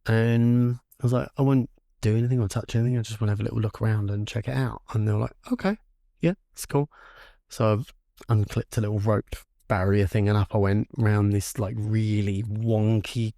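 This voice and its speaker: A man's voice: fairly low pitch, no echo, studio quality. A young man, co-hosting a podcast, telling a story with lots of swearing and acted-out voices of the people in it. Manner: animated storyteller who acts out quoted voices and swears freely. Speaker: podcast co-host. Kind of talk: casual storytelling chat.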